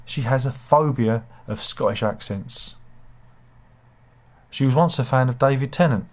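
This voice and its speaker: A British man talks through the news in a loose, rambling way, breaking off into self-deprecating asides. His voice sits at an ordinary middle pitch for a man. He sounds like a casual chat host. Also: measured pace.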